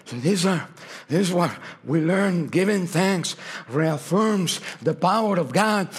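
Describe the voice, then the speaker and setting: Passionate preacher with a husky voice. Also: male voice, high-pitched, animated, unhurried. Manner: impassioned preaching, swinging from shouts down to hushed, near-whispered lines; slips into Spanish phrases. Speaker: pastor. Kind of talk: sermon. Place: church sanctuary.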